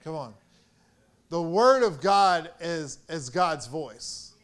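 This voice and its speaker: A man's voice: high voice, very animated, slow, fairly bright tone. A young man preaching a sermon as pastor, earnest and rising in force on key points.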